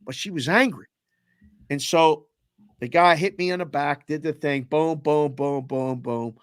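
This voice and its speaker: A man co-hosting a sports talk show, telling an anecdote in a lively way and acting out the voices in it. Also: fairly high pitch, measured pace, clean tone, no room sound, clean studio sound. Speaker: co-host. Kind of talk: animated storytelling.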